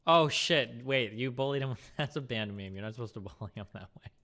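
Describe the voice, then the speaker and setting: A man's voice: mid-range voice, brisk, pushed and bright. A man hosting a live stream, teasing a friend in blunt, crude banter. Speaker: streamer host.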